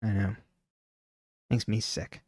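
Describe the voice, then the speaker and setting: A man's voice: fairly low pitch, level tone, slow, darkish tone, husky, no room sound, clean studio sound. A man co-hosting a podcast, recapping a TV episode in casual chat, full of fillers and frequent laughs. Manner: chatty, laughs often, many "like" and "um" fillers.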